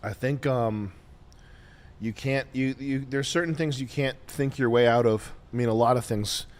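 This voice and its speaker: A man hosting a show, giving blunt, rambling advice with halting fillers and swearing. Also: medium pitch. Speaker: host. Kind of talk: casual advice talk.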